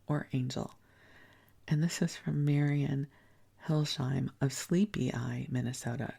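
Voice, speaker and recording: A woman hosting a sleep podcast, softly reading old recipes aloud with gentle, chatty asides and frequent drops into a breathy whisper. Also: sits low. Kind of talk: soft-spoken bedtime reading.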